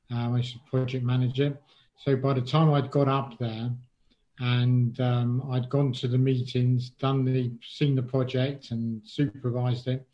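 A man's voice: medium pitch, mellow. A man living with Parkinson's answering interview questions in a chatty way, with frequent ums and sort ofs. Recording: dull lo-fi sound.

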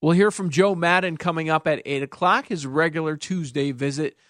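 A male sports radio host with a slightly higher voice, opinionated and wry as he breaks down the games and takes calls. His studio mic sounds dry and close, with no room echo. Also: fairly bright tone. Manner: opinionated, wry, quick asides to callers. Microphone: studio microphone.

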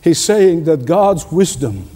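A man's voice: fairly high pitch, sing-song, slow, mellow, big-room sound. A man preaching a sermon as pastor, emphatic, repeating key lines and chuckling at his own stories.

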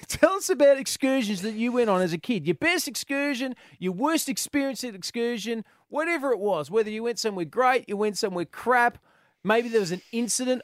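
High-voiced jokey Australian radio host. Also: male voice, no room sound, studio quality. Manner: jokey, laughs often, lively banter. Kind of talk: talk radio call-in. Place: radio studio. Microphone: studio mic.

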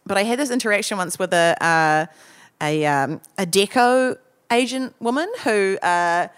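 A woman's voice: medium pitch, animated, moderate pace, clear, resonant tone. A woman with a New Zealand accent telling stories and hosting on a live theatre stage. She speaks in a casual, chatty way with lots of ums and uhs. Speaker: host. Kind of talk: live storytelling.

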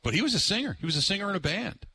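This male sports radio host, live on a remote broadcast, rambles excitedly and uses many fillers. His high voice is bright, forceful, and husky, delivered rapid-fire.

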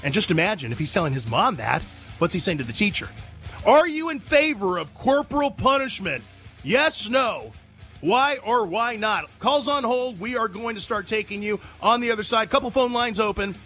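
A man's voice: high-pitched, lively intonation, moderate pace, pushed and bright, soft background music. A man hosting a talk radio show, holding forth emphatically and throwing rhetorical questions at his listeners.

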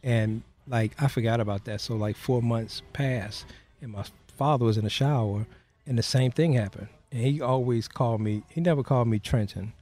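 A man being interviewed, recounting a personal story in a halting way, full of "you know" fillers. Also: medium pitch, warm tone. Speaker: interview guest.

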